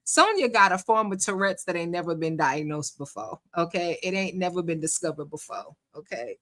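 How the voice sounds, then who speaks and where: A woman's voice: lowish voice, lively intonation, moderate pace, a bit bright. A woman hosting a livestream, giving sassy, colloquial commentary on a phone call and laughing often as she mocks it. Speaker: livestream host.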